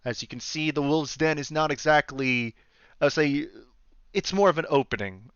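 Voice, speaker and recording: A man gives voice to a diplomatic elf guild leader, careful and formal, who stumbles and restarts as he picks his words. The voice is smooth and resonant. The recording is dry and a little dull. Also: fairly high pitch, moderate pace, a bit bright, dry recording, lightly acted. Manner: polite, formal, hesitant with restarts.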